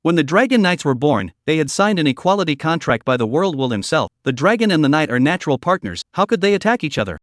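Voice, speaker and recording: A man narrating a fantasy comic story recap in a steady, even reading. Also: a little high, fast talker, few pauses, dry recording, studio quality.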